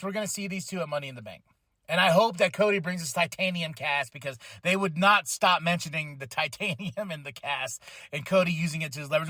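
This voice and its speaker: A man hosting a podcast, giving a rambling, excitable, casual review of a wrestling show, swearing freely and acting out quotes. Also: sits high, dry recording. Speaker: podcast host.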